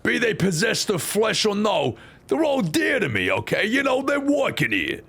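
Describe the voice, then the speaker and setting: A man doing a gravelly New tough-guy queen. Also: high voice, big pitch swings, normal speed, fairly bright tone, voice pushed up, full character voice. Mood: defiant. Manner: tough-talking, slangy, swears. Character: gruff streetwise robot queen, defiant and foul-mouthed. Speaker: streamer voicing a game. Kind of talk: comedic voice-over of a video game.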